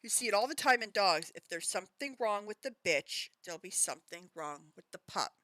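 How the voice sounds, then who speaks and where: A woman voicing a blustering, bullying middle-aged aunt in a put-on British accent, booming and barking her lines. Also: animated, a little fast, a bit bright, dry recording, lightly acted, low-quality recording. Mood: scornful.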